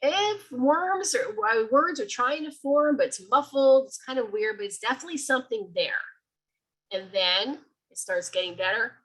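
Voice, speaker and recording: A woman's voice: on the high side, moderate pace, rough recording. A woman who works as a medium, giving an informal, chatty talk at a library and acting out the sounds she describes. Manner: chatty, animated, acts out sounds.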